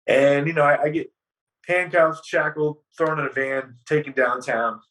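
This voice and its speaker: Man, interview guest, bright edge, a little off-mic, animated, swears, acts out dialogue. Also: on the high side, normal speed, far from the mic, poor audio. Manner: animated, profane storytelling, acting out dialogue. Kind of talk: casual storytelling interview.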